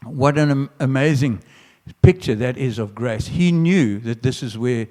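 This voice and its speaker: A man's voice: medium pitch, unhurried, darkish tone. Earnest preacher man in a reverberant hall. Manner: earnest, with restarts, builds to emphatic quoted lines. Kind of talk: sermon.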